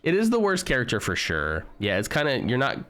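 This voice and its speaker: A man's voice: mid-range voice, wildly swooping pitch, a little fast, fairly bright tone. A man streaming live, chatting casually and joking with his viewers as he browses. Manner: chatty, joking, talks to chat while browsing.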